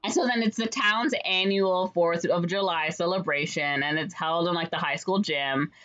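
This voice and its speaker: A woman casually retelling a story's plot in a rambling way, full of fillers and quick quoted voices. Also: fairly low pitch, fairly bright tone. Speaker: podcast co-host retelling a musical's plot. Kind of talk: casual chat. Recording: slightly dull lo-fi audio.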